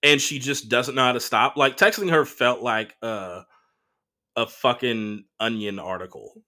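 Measured in pace, with a medium-pitched voice that's pushed and bright, an early-thirties man from Los Angeles runs a casual solo podcast. He spins a rambling, profane story loaded with fillers.

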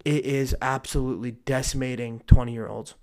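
A man in his twenties giving casual solo commentary on news stories, profane and ranting, swinging between low muttering and sudden outbursts. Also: steady tone, moderate pace, a little mellow. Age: 20s.

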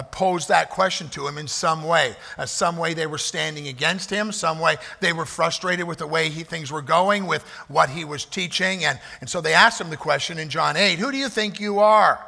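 Male pastor, bright gravelly voice, earnest preaching, long church reverb. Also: fairly high pitch. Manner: earnest preaching with repetition and fillers. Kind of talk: sermon. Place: church sanctuary. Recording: reverberant hall.

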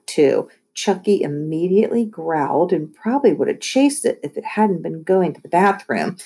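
Low, husky woman reading a kids' book. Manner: lively storytelling with voiced asides. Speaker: audiobook reader. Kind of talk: reading a children's chapter book aloud.

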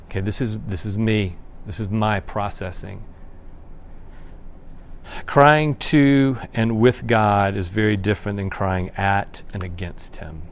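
A man preaching a sermon as pastor, talking conversationally and swinging from hushed remarks to loud, emphatic points. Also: on the low side, slow, slight background noise.

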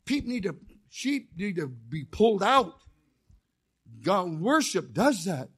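A man preaching a fiery sermon as a chaplain, telling folksy stories with jokes and rising into shouted call-and-response. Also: high voice, very animated, takes it slowly, slightly rough. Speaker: chaplain preaching as guest speaker.

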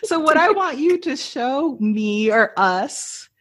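Brief: woman interviewer, husky, easygoing encouraging delivery. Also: high-pitched, expressive, slow pace, a bit bright. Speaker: host. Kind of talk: casual interview.

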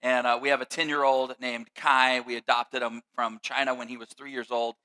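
A middle-aged father speaks in a mid-range, bright, resonant voice at normal speed, keeping a level but forceful tone. He gives a talk on family life, telling stories conversationally with lots of fillers and restarts. His voice is clear, though the recording is rough.

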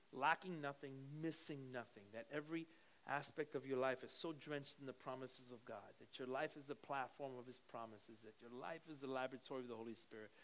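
A man preaching a sermon to a church congregation, moving from quiet teaching into fervent prayer. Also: mid-range voice. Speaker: pastor. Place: church service.

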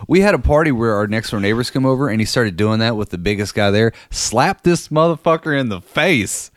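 A man's voice: mid-range voice, animated, a little fast, no echo, studio quality. A young man telling a profane party story in casual chat, full of fillers like "like.".

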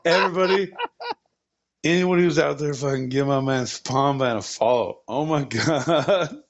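A man's voice: a little high, measured pace, muffled recording, a little hiss or hum. A man co-hosting a podcast, joking around in a crude, profane, rambling way. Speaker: podcast co-host. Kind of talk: casual comedic chat.

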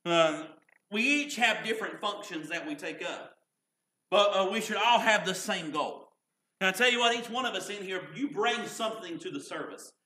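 High-voiced preacher, echoey church. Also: male voice, pushed and bright. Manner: folksy, repeats "can I tell you what". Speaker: pastor. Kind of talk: sermon. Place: church sanctuary.

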